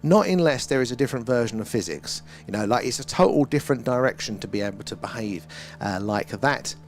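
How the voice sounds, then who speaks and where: A man's voice: mid-range voice, lively intonation, fast talker. A middle-aged man hosting a live stream, chatting casually and reading viewer comments, rambling with fillers and frequent laughs.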